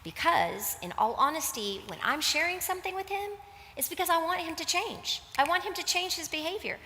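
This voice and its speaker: A woman's voice: extremely high pitch, lively intonation, fairly quick, sharp tone. A woman co-leading a sermon, earnest and candid, speaking openly about herself. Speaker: pastor's wife, co-speaker. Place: church hall. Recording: large hall reverb with faint room noise.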